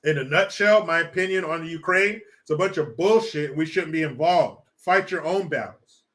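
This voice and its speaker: A man's voice: on the high side, moderate pace, a bit bright. A man hosting a casual livestream, reading chat and ranting with lots of profanity and laughter. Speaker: live stream host.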